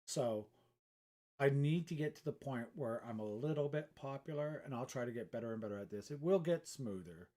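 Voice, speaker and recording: A man's voice: mid-range voice, lively intonation, moderate pace, mellow. A man live streaming as a chalk artist, rambling casually and talking to himself between remarks. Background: faint music.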